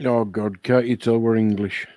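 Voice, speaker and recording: A male co-host in casual chat, dropping dry, quick interjections. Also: lowish voice, steady tone, dark tone.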